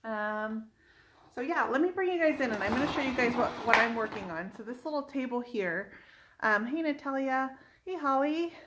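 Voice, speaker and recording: A woman's voice: high-pitched, animated, moderate pace, noisy background. A woman hosting a casual live stream as a furniture painter, chatty and giggly, greeting viewers by name. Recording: echoey room.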